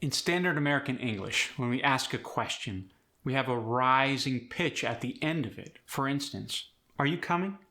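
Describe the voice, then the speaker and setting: A man hosting an accent lesson, walking through each sound clearly and cheering the viewer on. His voice sits at a middle pitch and rings bright and forceful. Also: normal speed. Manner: clear, demonstrative, encouraging. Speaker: accent coach. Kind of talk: accent tutorial.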